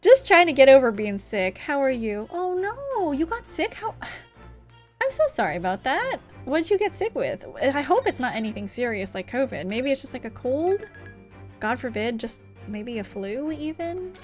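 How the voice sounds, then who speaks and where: A young woman on a casual VTuber stream chats about her game and giggles as she reads its dialogue aloud. Her high voice has a sing-song quality at normal speed, backed by soft music.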